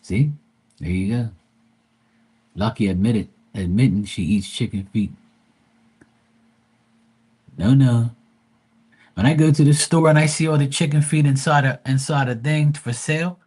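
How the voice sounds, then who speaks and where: A middle-aged man hosts a livestream, his mid-range voice moving at a moderate pace with long pauses and a breathy edge. In casual chat he tells rambling family stories, swearing freely and acting out what his relatives said.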